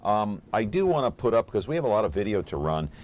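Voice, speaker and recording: A man with a fairly low voice hosts a live call-in program. He keeps the show moving briskly, cutting to breaks and clips. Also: very animated, darkish tone. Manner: brisk, moves the show along. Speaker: talk show host.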